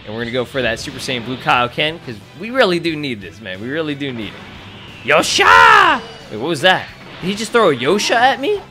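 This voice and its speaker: Excitable young male let's-player, bright and animated, game music faint behind. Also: mid-range voice, fast talker. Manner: excitable, swears a lot, hype exclamations. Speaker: gaming YouTuber. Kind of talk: gameplay commentary.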